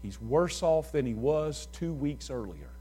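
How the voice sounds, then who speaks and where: A middle-aged man preaching a sermon, telling folksy stories and swinging from hushed talk to shouts. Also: fairly high pitch, animated, measured pace, slightly rough. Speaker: pastor.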